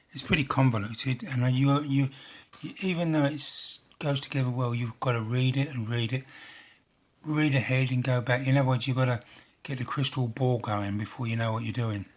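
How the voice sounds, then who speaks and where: A man's voice: mid-range voice, steady tone, normal speed. A man hosting a model railway channel, narrating his build in a rambling, casual way with jokey, self-deprecating asides.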